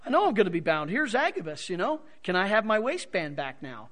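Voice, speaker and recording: A man preaching an expository sermon, swinging from soft to loud for emphasis. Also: sits high, sing-song, a little fast. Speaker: pastor.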